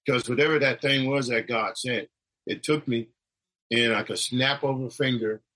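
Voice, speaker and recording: Husky man telling a story. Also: mid-range voice, fairly even intonation, moderate pace, sharp tone, rough recording. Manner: rambling, with restarts and acted-out quotes. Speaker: storyteller recounting near-death experience. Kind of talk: casual spoken testimony.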